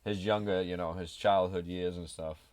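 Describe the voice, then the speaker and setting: A man's voice: low voice, steady tone, normal speed, a little mellow, clean tone. A man with a Boston accent co-hosting a live radio show, chiming in casually and laughing. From Boston area. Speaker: radio co-host.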